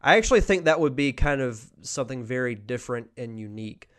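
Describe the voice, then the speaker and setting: A man's voice: medium pitch, lively intonation, fast. A young man hosting a podcast, chatting casually through a live Q&A, reading viewer questions aloud and answering off the cuff. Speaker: podcast host.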